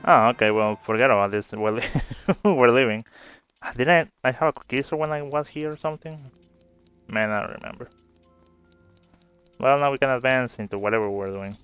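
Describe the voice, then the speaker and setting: A man's voice: medium pitch, a little fast, pauses often, fairly bright tone, clean tone. Laid-back man rambling over game music. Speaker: gameplay video creator. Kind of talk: casual gameplay commentary with storytelling. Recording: slightly dull audio with faint game music. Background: faint game music.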